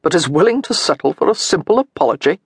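A woman's voice: on the low side, very animated, fast talker, husky, no room sound, studio quality, exaggerated voice. A woman voicing an arrogant, cool young male duke who speaks with careless disdain in an audiobook. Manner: careless, coolly dismissive drawl.

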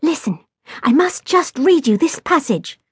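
A woman voicing a playful, bookish young girl who pleads brightly. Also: sits high, very animated, measured pace, no room sound, clean studio sound, pitched above the performer's own voice. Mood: playful, pleading.

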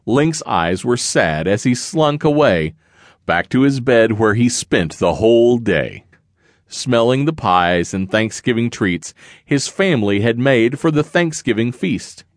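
A man's voice: mid-range voice, expressive, unhurried, dry recording, clean studio sound. A man narrating a rhyming children's picture book in a sing-song read-aloud manner. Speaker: audiobook narrator.

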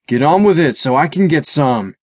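Guy doing crude growly young thug, bit higher than his normal voice. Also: animated, normal speed, darkish tone, slightly rough, no echo. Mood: menacing. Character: brutal young male thug with a knife.

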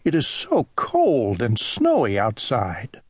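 A man voicing a fussy, kindly little male owl in a children's audiobook, in a high, excitable, sing-song voice. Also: slow, husky, no room sound, clean studio sound, exaggerated voice. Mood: fretful.

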